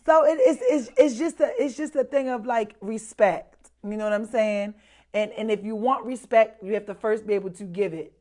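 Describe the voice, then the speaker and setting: A woman chatting as a guest on a casual live show, animated, laughing often and repeating her words for emphasis. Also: a little high, moderate pace. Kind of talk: casual live-stream chat.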